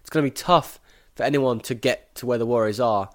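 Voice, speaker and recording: A man hosting a sports podcast, giving brisk, opinionated analysis and then interviewing a guest. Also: mid-range voice. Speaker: podcast host.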